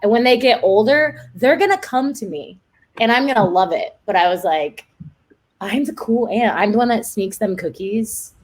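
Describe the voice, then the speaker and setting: A woman's voice: medium pitch, lively intonation, moderate pace. A woman in her twenties, a guest telling stories in a casual chat, giggly and full of "like". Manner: giggly, chatty storyteller, lots of "like".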